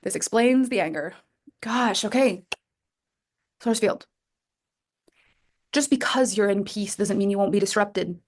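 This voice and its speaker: A woman coaching members of her program on a group call, talking in a lively, playful way and acting out little scenes. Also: mid-range voice, a little slow, long pauses. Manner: lively, playful, acts out voices. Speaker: coach leading a women's program.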